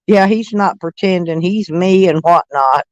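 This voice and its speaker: A middle-aged man talks to his livestream viewers in a high, light voice, drifting from one topic to the next and breaking into laughter along the way. His speech is loose and full of fillers, and the sound is dry and close, with no room echo. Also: slow pace. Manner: rambling and chatty, laughing often, many fillers. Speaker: live streamer. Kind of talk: casual livestream chat with viewers.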